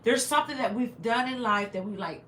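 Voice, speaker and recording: Pitched on the high side, this woman speaks expressively and briskly with a slightly bright tone. She's a livestream host in an echoey room, a little congested, going through viewer comments and thanking everyone again and again.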